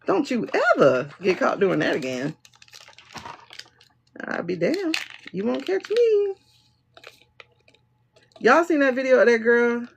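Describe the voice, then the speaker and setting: A woman's voice: a little high, sing-song, slow pace, creaky, long pauses, slight background noise. A woman doing a livestream tarot and pendulum reading, talking bluntly and joking with her viewers.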